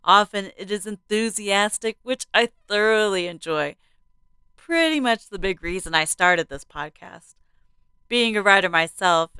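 A woman hosting a podcast and narrating a horror story in a hushed, suspenseful manner. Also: on the low side, smooth, no room sound.

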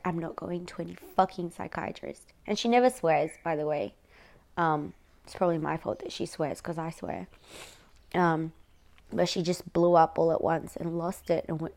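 A woman's voice: lowish voice, steady tone, moderate pace, vocal fry, a little mellow. A young Australian woman venting to her viewers in a personal vlog. She swears often, fills her talk with "like," and sounds close to tears. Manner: venting, frequent swearing and "like" fillers. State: near tears, voice breaking. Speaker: vlogger.

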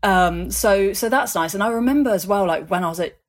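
A woman, a guest in a conversational interview, telling animated stories and leaning on fillers like "um" and "like". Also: medium pitch, brisk. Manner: animated storytelling, acts out voices in anecdotes, many fillers.

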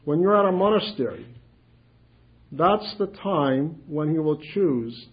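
A man's voice: on the high side, lively intonation, measured pace. A man giving an informal spiritual talk to a group, speaking conversationally, repeating phrases and acting out simple prayers. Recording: dull lo-fi sound.

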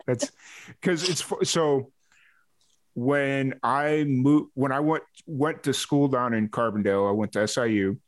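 A man's voice: mid-range voice, measured pace, no room sound. A man from Chicago hosting an interview podcast, telling stories in an easygoing way and putting in short backchannels. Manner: easygoing storyteller, brief backchannels. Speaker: podcast host. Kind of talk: casual interview chat.

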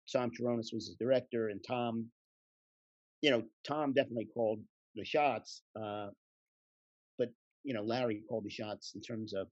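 Husky man telling showbiz anecdotes. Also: fairly low pitch, no room sound, highs cut off. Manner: relaxed, rambling, laughs while telling anecdotes. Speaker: guest actor. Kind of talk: casual interview storytelling.

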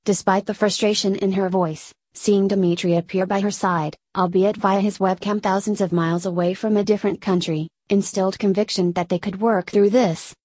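A woman reading a novel aloud as narrator, in a steady, measured way. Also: medium pitch, no echo. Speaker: audiobook narrator. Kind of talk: scripted narration.

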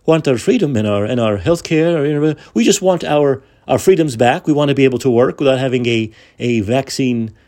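A man mimicking a mild, polite adult male protester who speaks calmly and gently. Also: mid-range voice, brisk, hardly any pauses, voice pushed down, lightly acted. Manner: calm, gentle, soft-spoken.

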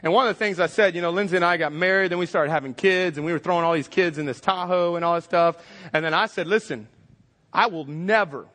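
Pastor preaching in a big hall. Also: male voice, high-pitched, fast talker. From Texas. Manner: energetic, joking, acts out scenes in voices. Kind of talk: sermon. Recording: long hall reverb.

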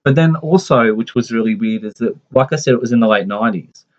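A man in his forties, with a medium-pitched voice and a quick pace, tells a family story casually and ramblingly, often restarting and going off on asides. The recording has a dull, lo-fi sound.

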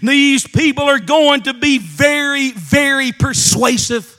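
High, bright-voiced Southern preacher shouting. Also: male voice, takes it slowly, hardly any pauses. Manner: fervent shouting, drops to quiet asides. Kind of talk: Pentecostal sermon. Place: church sanctuary.

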